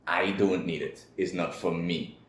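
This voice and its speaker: Deep-voiced man telling a candid story. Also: fairly even intonation, a little slow. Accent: Trinidadian. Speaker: guest. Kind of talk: personal story in an interview. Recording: echoey room with faint noise.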